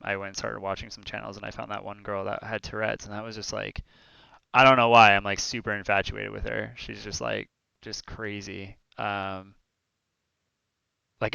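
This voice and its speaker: A man's voice: lowish voice, creaky, clear, resonant tone, no room sound. A young man co-hosting a streamed talk show, chatting casually and rambling through stories with lots of fillers. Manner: rambling, animated storytelling with many fillers. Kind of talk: casual chat.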